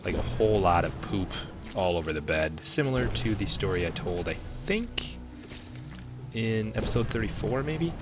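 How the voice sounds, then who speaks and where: A man's voice: on the low side, lively intonation, moderate pace. A young man rambling through casual gameplay commentary, swearing often and flaring up at the game. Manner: swears a lot, rambling, flares into angry outbursts. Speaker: gaming channel host. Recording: music playing loudly behind.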